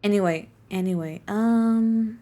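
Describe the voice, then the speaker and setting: A woman's voice: mid-range voice, unhurried, warm tone. A woman streamer, not a native English speaker, chatting casually over gameplay in a rambling way with lots of fillers.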